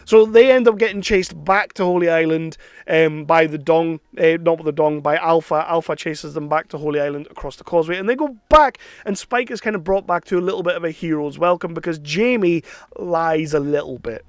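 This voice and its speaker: A man's voice: high-pitched, no echo. A man giving an enthusiastic, chatty film review, sometimes slipping into playful impressions. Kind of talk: casual film review monologue.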